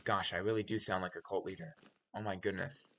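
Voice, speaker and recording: A man hosting a game let's play, talking in a deliberately calm, soft-spoken and musing way. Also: sits low, vocal fry. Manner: musing, introspective. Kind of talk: casual gameplay commentary.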